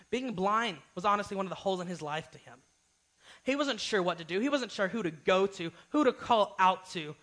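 A man's voice: high-pitched, a bit bright, poor audio. A young man giving a casual youth sermon, informal and often asking "right?". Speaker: youth speaker.

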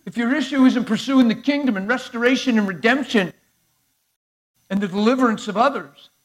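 A man preaching a sermon to a live congregation in an animated, conversational way, acting out dialogue as he goes. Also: very high-pitched, brisk. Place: church sanctuary before a live crowd.

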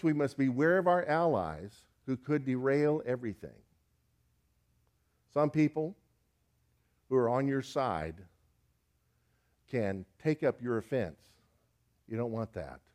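A man's voice: medium pitch, lively intonation, slow, long pauses, a little mellow. A man preaching a sermon, folksy and emphatic, urging listeners with direct questions.

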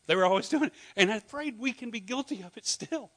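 Scottish male pastor, middle-aged, higher voice, chatty sermon with questions to the room. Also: expressive, quick pace, hardly any pauses, pushed and bright. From Scotland. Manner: conversational, asks the congregation questions, joking asides.

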